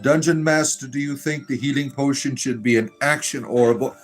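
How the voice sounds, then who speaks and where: A man's voice: mid-range voice, a little fast, soft background music. A man hosting a casual livestream, reading chat messages aloud in a joking, irreverent way and laughing often.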